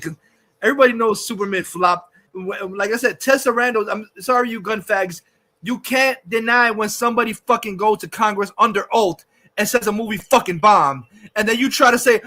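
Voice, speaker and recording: A man's voice: high-pitched, fairly quick, bright, forceful tone. A man hosting a livestream, ranting heatedly, cursing and mocking as he talks. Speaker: livestream host. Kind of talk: profane ranting chat.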